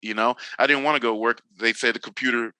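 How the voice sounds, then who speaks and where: A man in his forties from Northern California, a podcast guest telling stories casually, animated and slangy, acting out the people he quotes. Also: mid-range voice, fast talker, smooth, no room sound, rough recording. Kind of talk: casual storytelling chat.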